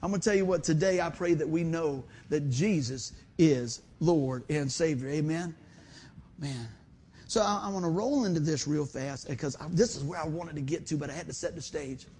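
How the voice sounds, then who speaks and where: A man preaching a sermon, telling stories in an animated way and often calling out "man" and "amen" to the congregation. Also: a little high, moderate pace, breathy edge.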